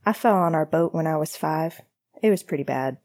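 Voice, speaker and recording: A woman voicing a gentle, curious young man who talks softly and candidly in a storybook reading. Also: deep voice, fairly quick. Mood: shy. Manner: soft, hesitant, candid.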